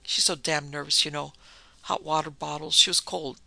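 Man voicing a commanding rich husband, curt and dismissive, bright edge, gravelly. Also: on the high side, little pitch movement, normal speed, no room sound, full character voice. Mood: brusque. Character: brusque domineering wealthy husband, middle-aged man.

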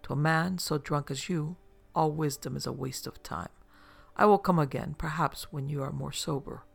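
A man doing Bellini, a gravelly, solemn mystic. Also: fairly high pitch. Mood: cold. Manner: grave, measured, formal speech. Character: solemn middle-aged male mystic, proud and easily offended.

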